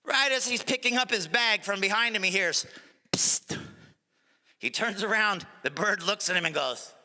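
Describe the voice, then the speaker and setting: A man's voice: sits high, fairly quick. A middle-aged man doing live stand-up comedy, slipping into character voices as he tells jokes. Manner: animated, jumps into character voices. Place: comedy stage before an audience. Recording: live venue with long reverb.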